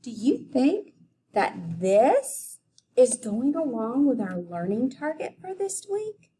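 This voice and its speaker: A woman teaching a phonics lesson to young children, deliberately sounding out letters and syllables. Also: fairly high pitch, sing-song, warm tone, a little hiss or hum. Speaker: elementary school teacher.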